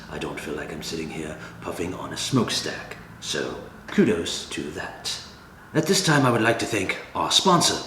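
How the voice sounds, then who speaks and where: A man hosting a comedic review, talking in a dry, deadpan way. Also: low voice. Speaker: cigar reviewer, channel host. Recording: echoey room with faint ambient noise.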